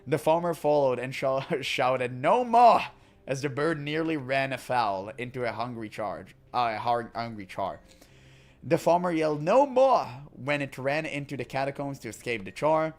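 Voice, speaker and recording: A man's voice: medium pitch, moderate pace. Man reading game lore aloud, joking. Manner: reads in-game books aloud with joking asides and laughs. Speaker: gaming commentator.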